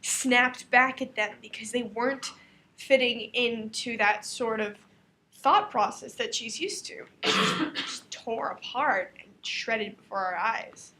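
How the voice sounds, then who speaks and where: Woman student, crisp analytical answers, bright fairly high voice. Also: slow, rough recording. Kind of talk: class discussion.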